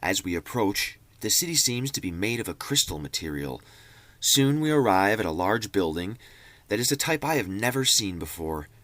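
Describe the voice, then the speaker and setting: Male reader, low and very expressive, dry booth sound, theatrical diary reading. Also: normal speed, no room sound. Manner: theatrical, reads out punctuation aloud.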